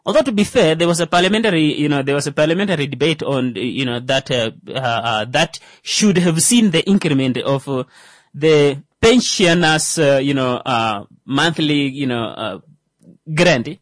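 A man with a Namibian accent hosts his own show, reading a news article aloud as solo commentary, adding joking asides and stumbling over the words. His voice is on the high side and animated, at normal speed, with no echo.

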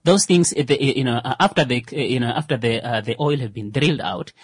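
Man, husky voice, halting speech full of fillers, casual radio talk, dry close sound. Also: medium pitch, no echo. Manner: hesitant, many fillers and restarts. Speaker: co-host.

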